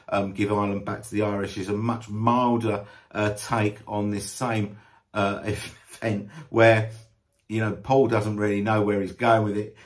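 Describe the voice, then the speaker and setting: A man giving a casual, rambling spoken album review, blunt in his opinions and full of hesitations and restarts. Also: lowish voice. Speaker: music reviewer.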